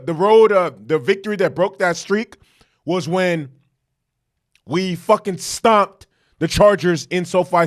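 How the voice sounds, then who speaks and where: A man giving a casual fan reaction to his team's win, talking in hyped, profane, rambling bursts and tagging points with "okay?". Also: high voice. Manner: hyped, repeats "okay?" for emphasis; profane, self-correcting rambles. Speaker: sports fan commentator.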